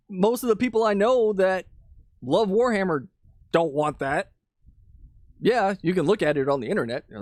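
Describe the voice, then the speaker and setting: A man with a fairly high voice rants into a pop-filtered mic. He is sarcastic and indignant, and he swears freely. The sound is dry and close, with no room around it. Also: a little mellow, dry recording. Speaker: commentary channel host. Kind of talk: ranting commentary. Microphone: studio mic with pop filter.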